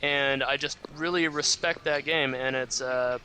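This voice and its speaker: A man guesting on a podcast, answering about games hesitantly with many pauses. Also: medium pitch, fairly even intonation, bright, forceful tone, a little hiss or hum. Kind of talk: casual interview answers.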